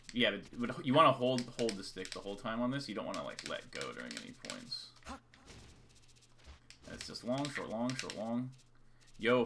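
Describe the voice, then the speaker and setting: A man giving a relaxed, chatty game lesson on a live stream, counting out long and short beats as he demonstrates. His voice sits at an ordinary middle pitch. Steady keyboard clicks and typing sound clearly behind him. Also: a little hiss or hum. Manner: casual, repetitive counting out rhythms. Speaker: coach.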